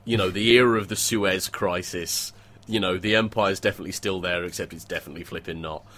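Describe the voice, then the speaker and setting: A fairly low-pitched man talking through a novel on a podcast. He is animated and wry, moving between dry analysis and playful mock voices. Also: fast talker. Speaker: podcast co-host discussing a novel. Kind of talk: casual book discussion.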